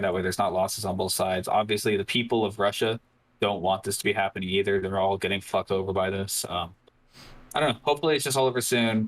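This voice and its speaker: A man on a podcast, talking in a laid-back way and swearing casually. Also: fairly low pitch.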